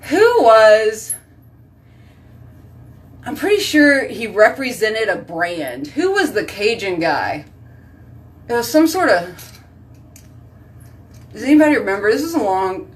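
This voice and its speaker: A woman's voice: fairly high pitch, sing-song, slow, long pauses, far from the mic. A woman hosting a casual live stream, chatting with viewers by name and rambling from topic to topic. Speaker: host reading live chat.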